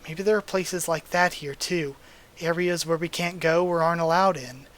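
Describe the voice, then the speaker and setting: A man's voice: on the high side, steady tone, moderate pace, a bit bright, lightly acted. A man reading the lines of a thoughtful, practical teenage girl in a manga, plainly and evenly.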